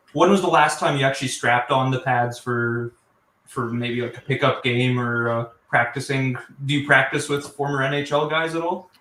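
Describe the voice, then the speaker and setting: A male interview host asks his questions in an easygoing, slightly halting way. His middle-pitched voice rings in a roomy, echoey space. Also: fairly bright tone. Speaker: podcast host. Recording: roomy echo.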